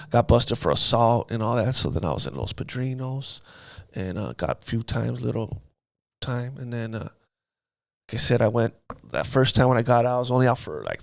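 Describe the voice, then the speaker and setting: A man's voice: mid-range voice, vocal fry, no echo. A man telling his life story in an interview, in casual street slang, often asking "you know what I mean". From Los Angeles area. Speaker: guest.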